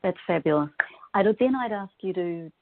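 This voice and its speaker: Woman, New Zealand accent, lowish voice, upbeat and effusive, tinny phone-line sound. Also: animated, normal speed, gravelly. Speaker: guest, wardrobe stylist. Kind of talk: podcast interview.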